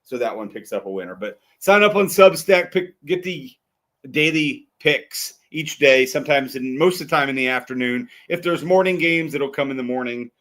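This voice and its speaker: A man's voice: mid-range voice, moderate pace, fairly bright tone. A man co-hosting a sports podcast, talking casually about betting picks and games with a laid-back, rambling manner. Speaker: podcast co-host.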